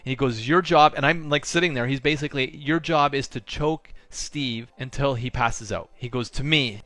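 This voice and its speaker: A man's voice: medium pitch, moderate pace, hardly any pauses, no room sound. A man telling a personal story in a casual monologue, acting out the other people's lines and using lots of "like" and "right?". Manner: animated storyteller acting out dialogue; frequent fillers like "like" and "right?". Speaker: spiritual coach and channel host.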